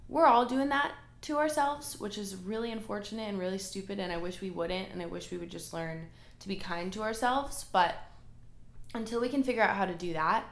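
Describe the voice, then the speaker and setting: A woman hosting a solo podcast, talking candidly and emotionally about self-doubt in a casual way full of fillers, recorded in a room at home. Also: on the low side. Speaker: podcast host. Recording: roomy echo.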